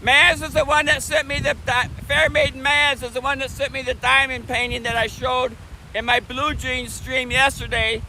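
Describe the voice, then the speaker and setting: A man's voice: very high-pitched, little pitch movement, moderate pace, bright, forceful tone, poor audio. A middle-aged man live streaming outdoors from a phone, chatting with viewers, repeating himself and answering chat. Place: outdoors on a beach by a busy bridge. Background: traffic and wind noise.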